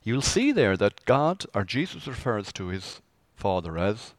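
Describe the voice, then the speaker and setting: Pastor preaching with lively pitch. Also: male voice, measured pace, dry recording. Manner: lively, conversational preaching with rhetorical questions. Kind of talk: sermon.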